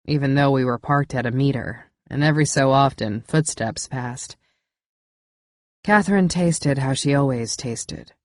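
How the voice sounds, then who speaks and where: A woman narrating a first-person thriller audiobook in a measured, intimate way on a close studio mic. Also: very deep voice, darkish tone, no echo.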